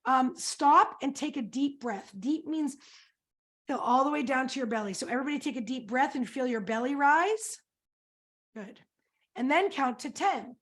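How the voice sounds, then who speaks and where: A high-pitched, lively woman coaching through a webinar. She talks with energy and keeps throwing questions at her listeners to pull them in. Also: moderate pace. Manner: energetic, quizzes the audience with questions. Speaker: coach and presenter. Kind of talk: webinar presentation.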